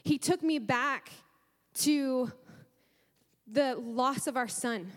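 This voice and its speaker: A woman pastor delivers a fervent, emotional sermon in a high voice. Her words ring out into a church hall with a long reverb trailing behind them. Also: very slow. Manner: fervent and emotional, with sighs and repeated praise. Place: church sanctuary.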